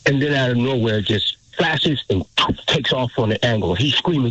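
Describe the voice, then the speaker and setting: A man's voice: medium pitch, lively intonation, moderate pace, fairly bright tone, husky, dry recording. A middle-aged man, a military veteran, calls in to a radio show and earnestly tells a story that moves him. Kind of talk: phone-in call. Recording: muffled phone-line call.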